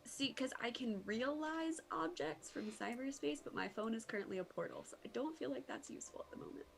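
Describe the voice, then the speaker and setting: A woman's voice: a little high, lively intonation, fairly quick, vocal fry. A woman playing a character in a tabletop game, eager and asking questions. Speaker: player. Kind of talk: casual tabletop game play.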